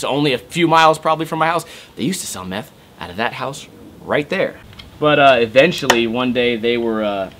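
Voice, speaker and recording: A man's voice: medium pitch, slight background noise. A young man vlogging casually from home, rambling and swearing a lot as he tells stories. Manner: swears constantly, rambling and animated. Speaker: skateboarding vlogger. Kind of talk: casual chat. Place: home room.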